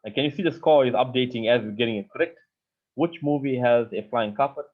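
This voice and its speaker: A man's voice: mid-range voice, fairly quick. A man teaches a live online coding lesson, explaining patiently step by step and often repeating himself. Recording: tinny phone-like audio.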